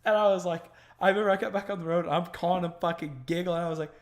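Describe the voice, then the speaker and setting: A man's voice: high voice, fast, few pauses. A man hosting a podcast, telling stories in casual chat and swearing freely as he gets worked up. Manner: profane, animated storyteller. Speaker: podcast host.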